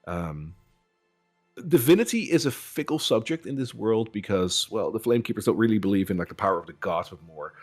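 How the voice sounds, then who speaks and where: Low-voiced man narrating a game. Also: a little fast, husky, faint music behind. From Netherlands. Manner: relaxed, filler-heavy narration. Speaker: game master.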